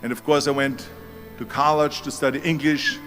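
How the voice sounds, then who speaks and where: A man's voice: a little high, little pitch movement, normal speed, fairly bright tone, soft background music. Emphatic older man with a German accent. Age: 70s. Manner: emphatic storytelling, leans hard on key words. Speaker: speaker. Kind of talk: motivational speech.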